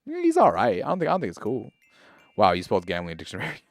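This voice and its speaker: A man streaming casually, hyped and joking, swinging from loud cheers to low mutters. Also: wildly swooping pitch, fast, gravelly, slight background noise. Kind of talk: casual live-stream pack opening.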